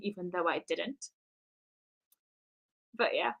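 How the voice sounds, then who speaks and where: Bright-voiced chatty American woman. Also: mid-range voice, expressive, measured pace, long pauses, low-quality recording. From United States. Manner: chatty, self-mocking, trailing off with fillers. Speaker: live-stream artist. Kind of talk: casual chat while drawing.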